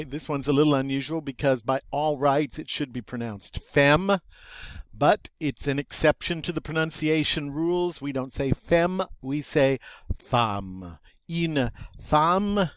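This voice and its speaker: Older guy, french teacher, real slow and folksy, dry close sound. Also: medium pitch, dry recording. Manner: slow, patient and folksy, drawing out French words. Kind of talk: recorded vocabulary lesson.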